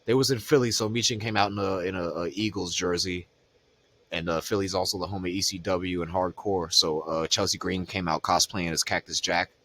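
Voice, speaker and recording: A man co-hosting a podcast in casual chat, telling stories in a profane, slangy way, his voice jumping high when he gets excited. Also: a little fast. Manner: animated storytelling, voice jumps high when excited. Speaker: podcast co-host.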